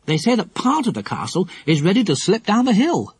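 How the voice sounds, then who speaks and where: A man playing a brisk sensible mother. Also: high voice, wildly swooping pitch, husky, no echo, voice pushed up, heavily acted. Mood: calm.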